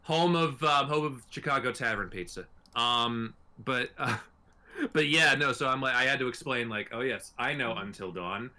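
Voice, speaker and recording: A man's voice: mid-range voice, normal speed, pushed and bright. A man hosting a podcast in casual group chat, rambling with frequent fillers and laughs. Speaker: podcast host.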